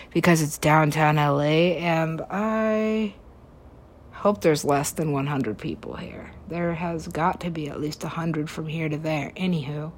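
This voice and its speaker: A woman rambles through a vlog in a low, breathy voice. She keeps shifting between hushed whispers and louder, playful lines, trading back-and-forth remarks as if arguing with herself. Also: takes it slowly. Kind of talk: rambling self-talk.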